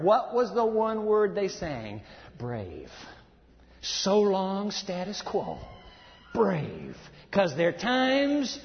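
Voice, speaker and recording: A man preaching a sermon, emphatic, swinging between loud passages and hushed ones. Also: sits high. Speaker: pastor. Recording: reverberant hall, dull sound.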